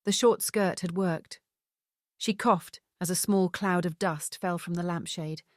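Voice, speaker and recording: A woman reading a novel aloud as an audiobook narrator, in an even, measured way. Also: on the low side, no echo. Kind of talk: scripted narration.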